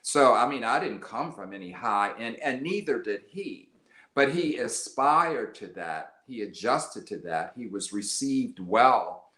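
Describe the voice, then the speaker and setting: An older man from the United States tells stories as an interview guest, his bright, forceful voice sitting at a middle pitch. He talks in a lively, rambling way, restarting and adding asides. The sound is roomy, with echo around him. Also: a little slow. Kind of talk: conversational storytelling interview.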